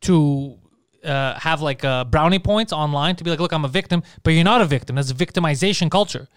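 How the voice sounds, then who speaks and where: A man co-hosting a podcast in a profane, animated casual chat. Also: fairly high pitch, fairly quick, clear, resonant tone, dry recording, studio quality. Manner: profane, animated, laughs often. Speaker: podcast co-host.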